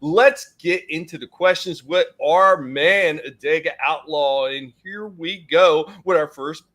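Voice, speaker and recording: The voice is a man's, fairly high, unhurried and a little bright, hosting a casual live-stream chat. He cracks jokes, wanders off topic, cusses, and calls out chat viewers by name.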